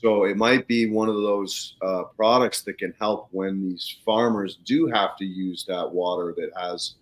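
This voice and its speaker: A man's voice: sits low, fairly even intonation, unhurried, rough recording. A man hosting a podcast, chatting casually with his guest and sharing his own experience. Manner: conversational, shares own experience. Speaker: podcast host. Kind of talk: casual interview chat.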